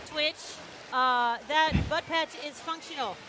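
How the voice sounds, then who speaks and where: A woman's voice: high voice, slow pace, sharp tone, slight background noise. A woman giving live color commentary at a roller derby game, with dry, wry quips. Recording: crowd-filled arena.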